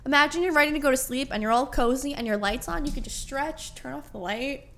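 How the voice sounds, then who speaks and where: A young woman with a high voice co-hosts a casual podcast chat. She is chatty and playful, jumping from one question to the next. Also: quick pace, fairly bright tone, a little hiss or hum. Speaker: podcast co-host.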